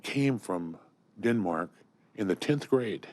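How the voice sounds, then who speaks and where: A man's voice: lowish voice, animated, takes it slowly, darkish tone, dry recording. An older man from Southern California, a guest in a studio conversation, telling enthusiastic stories full of fillers and restarts. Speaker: interview guest. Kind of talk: storytelling in conversation.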